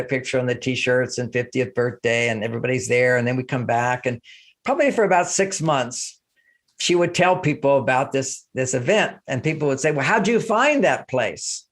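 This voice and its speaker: An older man, a relationship author, talking casually in an interview, animated and acting out quoted speech. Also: medium pitch, a little fast.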